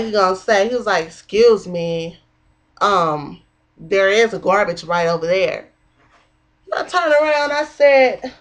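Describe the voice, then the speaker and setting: Woman, twenties, casual storytelling vlog, heavy cursing, animated delivery, faint background hiss. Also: a little high. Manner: profane, animated, addresses viewers as y'all.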